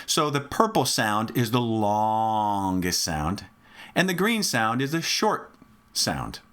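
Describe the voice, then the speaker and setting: A man's voice: lowish voice, sing-song, slow pace, fairly bright tone. A man teaching a children's music lesson on rhythm, patient and encouraging, counting off and chanting along.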